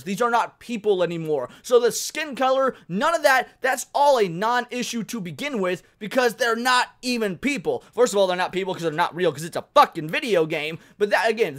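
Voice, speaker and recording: High-voiced man ranting in commentary. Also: a bit bright. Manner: ranting, profane, repeats words when worked up. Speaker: commentary YouTuber. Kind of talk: reaction commentary.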